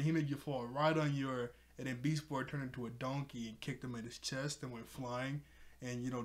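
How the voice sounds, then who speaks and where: A man's voice: medium pitch, a bit bright. A young man casually recapping a cartoon episode, rambling with fillers and self-corrections, laughing often. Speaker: video reviewer.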